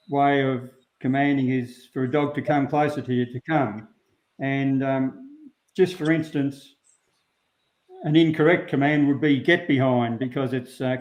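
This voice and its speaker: An Australian man, a sheepdog handler, talking unhurriedly as an interview guest with plenty of ums. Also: mid-range voice. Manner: unhurried, plain-spoken, many ums. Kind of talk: relaxed interview talk. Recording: roomy, dull lo-fi sound.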